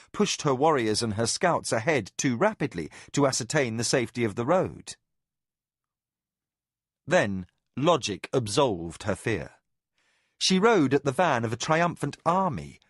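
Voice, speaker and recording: An audiobook narrator reads a fantasy novel aloud in measured, expressive scripted narration. His voice is mid-range, captured as a dry recording with clean studio sound.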